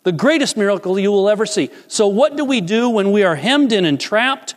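A man preaching a sermon, animated and playful, acting out short voices of characters as he teaches. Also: sits high, a little fast, big-room sound. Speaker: pastor.

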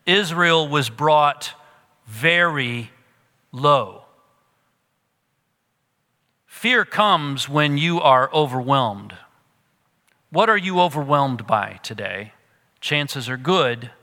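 A man preaching a sermon, animated at times and dropping to a hush for emphasis. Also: a little high, in a large hall. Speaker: pastor.

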